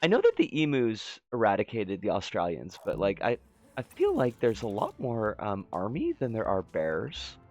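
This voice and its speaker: A man's voice: huge pitch swings, normal speed, darkish tone, soft background music. A man streaming a game, chatting in a rambling, jokey way. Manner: rambling, jokey, swoops in pitch. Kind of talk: casual game-stream chat.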